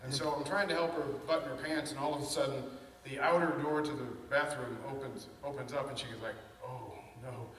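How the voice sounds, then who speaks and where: A man in his fifties giving an animated, conversational talk to an event audience, telling personal stories. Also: medium pitch, fairly quick, hardly any pauses, far from the mic. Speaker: panel speaker. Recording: echoey hall from afar, faint noise.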